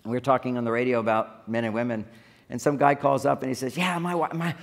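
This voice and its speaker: A man's voice: mid-range voice, fairly even intonation, fast talker, gravelly. A man giving a humorous seminar talk on relationships, acting out little scenes as he goes. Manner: joking, acts out little scenes. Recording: long hall reverb.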